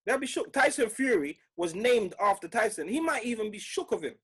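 A man's voice: high-pitched, animated, fairly quick, a bit bright, breathy edge. A man co-hosting a podcast, telling stories in slangy casual chat. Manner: storytelling, slangy, laughs along. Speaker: podcast co-host.

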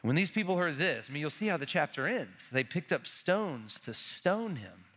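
A man's voice: fairly high pitch, very animated, normal speed, a bit bright, breathy edge, long reverb tail. A man preaching a sermon as a pastor, with earnest, urgent, repetitive exhortations to his church.

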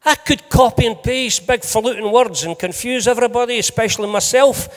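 High male pastor, loud joking sermon bursts, echoing church hall. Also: brisk. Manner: energetic joking preacher, loud and soft swings. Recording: long hall reverb.

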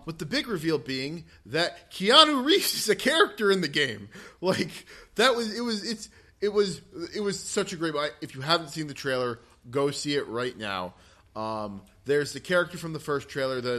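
A man's voice: fairly high pitch, animated, fairly quick, bright, forceful tone. A man co-hosting a casual gaming podcast, rambling with many fillers and restarts. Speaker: podcast co-host.

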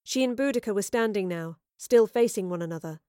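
A woman narrating a storybook reading in a steady, even way. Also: medium pitch, a little fast, dry recording, clean studio sound.

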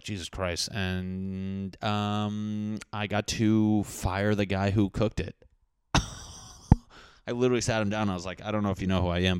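Young male vlogger, smooth clear voice, profane rambling storyteller. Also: low-pitched, dry recording, studio quality. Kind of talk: casual storytelling to camera.

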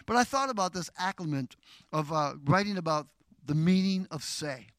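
A middle-aged male pastor preaching a sermon, moving from slow, measured teaching to loud, declaiming exhortation. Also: a little high, expressive, no echo.

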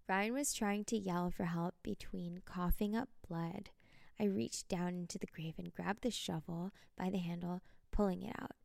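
A woman narrating a dark first-person story in a cold, menacing, profane way. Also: mid-range voice, creaky, dry recording, clean studio sound.

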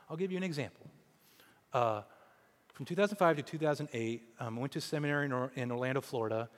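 Brief: male pastor in his 40s, raised in Kansas, lively sermon delivery, slightly higher voice, long church reverb. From Kansas, USA. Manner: animated, often repeats words when starting a thought.

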